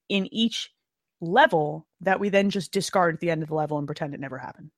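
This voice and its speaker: A woman co-hosting a casual podcast chat, animated and profane, laughing often. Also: fairly low pitch, fast talker, no echo, clean studio sound. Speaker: podcast co-host.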